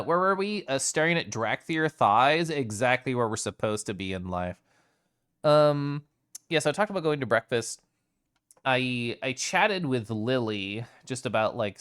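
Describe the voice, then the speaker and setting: A man's voice: fairly low pitch, fairly bright tone, clear, resonant tone, no room sound, studio quality. A young man streaming at home, casually telling his chat a rambling story full of fillers. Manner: chatty, rambling, frequent fillers.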